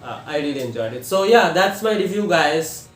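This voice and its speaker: Brief: male channel host, somewhat higher voice, rambling casual review full of fillers, echoey room. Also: expressive, moderate pace, fairly bright tone, soft background music. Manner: rambling, with many fillers and repeated restarts. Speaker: film and TV reviewer. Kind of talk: casual spoken review to camera.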